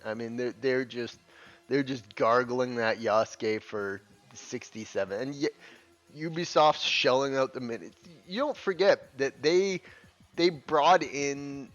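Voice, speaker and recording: A man with a mid-range, fairly bright voice and a measured pace delivers profane, scornful gaming commentary, heatedly cursing as he reacts to clips. The recording is lo-fi and dull, with music faintly audible.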